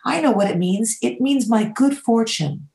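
A woman guest on an interview, telling animated, emphatic stories and swearing casually. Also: on the high side, moderate pace, creaky, reverberant. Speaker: guest, dessert baker.

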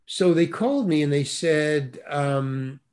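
A man, an actor, telling a casual anecdote animatedly, restarting phrases and punching lines with quick interjections. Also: a little high, expressive, darkish tone. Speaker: actor guest telling a story.

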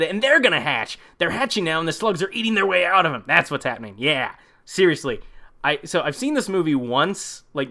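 A man's voice: fairly high pitch, bright, forceful tone. A man hosting a podcast, riffing sarcastically on a movie in a rambling, profane way. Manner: sarcastic, rambling, swears freely. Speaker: podcast host.

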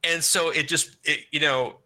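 A man chatting casually, animated and ranting, laughing often. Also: fairly high pitch, moderate pace. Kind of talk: casual chat.

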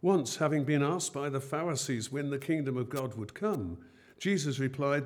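A man's voice: mid-range voice, animated, normal speed. Man preaching a storytelling sermon. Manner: storytelling, retelling scenes in everyday speech. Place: church.

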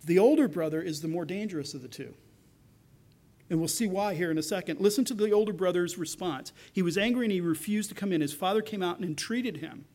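A man with a notably high-pitched voice delivers a sermon. He talks animatedly, acting out quoted lines from the story with rising intensity before returning to explanation. The delivery feels like live preaching to a congregation. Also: quick pace, darkish tone. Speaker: pastor.

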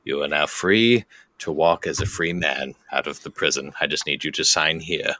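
A brisk, formal male prison official, as a man puts him on in a tabletop game. The voice is very low and dry, with no room around it. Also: pushed and bright, no room sound.

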